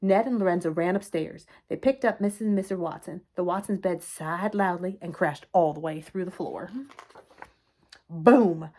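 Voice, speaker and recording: Woman, children's book read-aloud, clear and expressive storyteller. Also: lowish voice, a little fast, few pauses.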